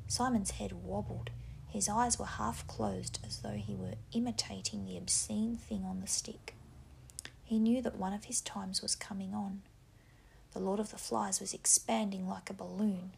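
Woman, whispered reading, gravelly, breathy, hushed and measured. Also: mid-range voice, steady tone. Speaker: narrator.

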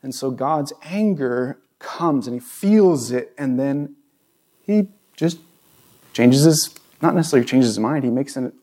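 A man's voice: mid-range voice, unhurried, dark tone. A male pastor preaching a conversational sermon in a church, asking the congregation questions as he goes. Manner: conversational, asks the audience questions.

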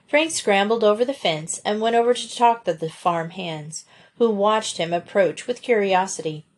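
Woman, storybook narrator, measured and clear, mid pitch. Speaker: audiobook reader.

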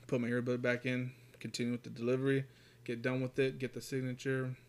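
Man, podcast host, casual, rambling, swears a lot, fillers, medium pitch. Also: completely flat delivery, fairly quick. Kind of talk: casual chat.

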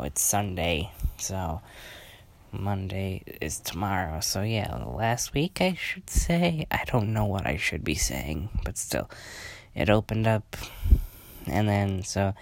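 A sleepy young man hosting his own casual podcast, rambling and halting with frequent restarts and yawns. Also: lowish voice, gravelly, no room sound. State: sleepy, yawning. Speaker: podcast host. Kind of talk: casual solo podcast chat.

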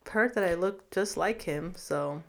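A woman's voice: fairly low pitch, a little slow. Frank, casual woman telling her story. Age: adult. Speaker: guest. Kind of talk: candid personal storytelling.

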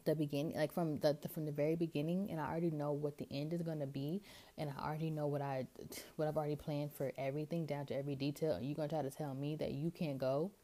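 A woman's voice: low voice, little pitch movement, quick pace, mellow, natural voice. A woman voicing God in a blunt, slangy retelling, talking emphatically to a reluctant prophet. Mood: emphatic.

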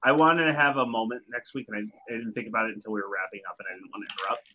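A man playing in a tabletop game, chatting quickly and eagerly. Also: fairly low pitch, steady tone, pushed and bright, slight background noise, poor audio. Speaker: player. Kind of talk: casual chat.

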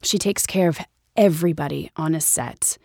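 A woman's voice: moderate pace, creaky, no echo, clean studio sound. A woman in her thirties, an actress chatting as an interview guest and acting out quoted voices as she tells stories. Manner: animated storyteller, acts out quotes in higher voices. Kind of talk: casual interview chat.

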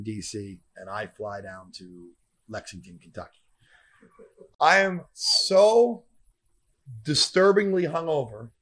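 A man's voice: medium pitch, a bit bright. A man hosting a comedy podcast who tells a rambling story with lots of profanity.

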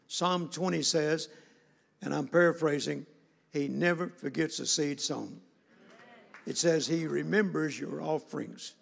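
A man's voice: on the high side, creaky, husky. A man preaching a sermon, telling a story in a folksy, conversational way. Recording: long hall reverb.

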